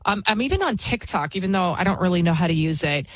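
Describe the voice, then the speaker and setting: A woman's voice: fairly low pitch, expressive, quick pace, no echo, poor audio. A woman who works as a TV news host, talking in a blunt, opinionated and rambling way, often restarting her sentences. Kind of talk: casual spoken monologue.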